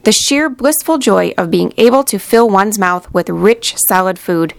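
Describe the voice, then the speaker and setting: A woman reading a children's storybook aloud in a gentle, expressive way, with a slightly gravelly voice. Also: medium pitch, measured pace, dry recording. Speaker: narrator.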